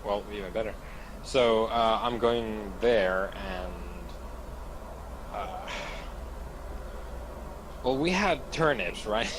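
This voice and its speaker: A man playing a tabletop game who talks very slowly and haltingly, pausing between words. His mid-pitched voice comes with a light hiss of noise. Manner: hesitant, halting. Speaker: player. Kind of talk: casual tabletop game play.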